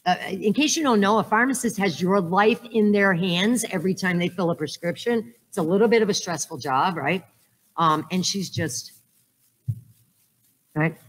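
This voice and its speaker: A woman's voice: medium pitch, moderate pace. A woman in her fifties giving a humorous talk at a conference, telling jokes and stories and often checking in with "right?". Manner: joking storyteller, frequent "right?". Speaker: conference speaker. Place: conference hall. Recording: echoey hall with long reverb.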